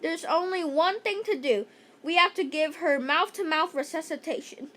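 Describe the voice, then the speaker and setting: A woman reading aloud and voicing a bossy, clever young girl who shouts orders. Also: extremely high pitch, moderate pace. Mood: commanding.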